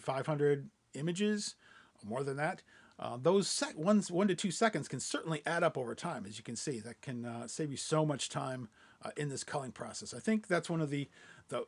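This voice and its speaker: A man walking viewers through a software demo in a webinar, relaxed and thinking aloud with lots of fillers. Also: mid-range voice, vocal fry, breathy edge. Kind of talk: screen-share webinar demo.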